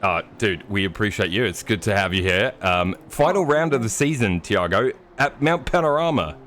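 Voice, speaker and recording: A man's voice: fairly low pitch, expressive, normal speed, fairly bright tone, a little hiss or hum. A man commentating a sim race live, joking and teasing his co-host. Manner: jokey, playful teasing.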